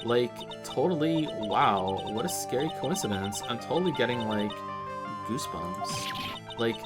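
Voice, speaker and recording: A man's voice: medium pitch, expressive, measured pace, over loud music, close to an everyday voice. A man doing a ditzy valley girl. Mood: evasive. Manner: valley-girl speech full of "like" and "totally". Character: ditzy young woman, feigning innocence, valley-girl talk.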